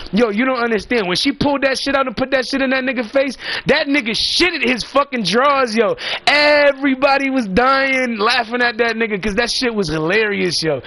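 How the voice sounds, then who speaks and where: High-voiced man on a profane rant. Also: bright, forceful tone, no echo. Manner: profane, rambling, emphatic. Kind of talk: casual storytelling rant.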